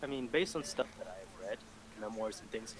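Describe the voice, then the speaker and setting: A man's voice: lowish voice, animated, a little fast. A young man from Malaysia with an American accent, chatting casually and sardonically while gaming on a stream. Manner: rambling, anecdotal, sardonic. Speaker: streamer and host.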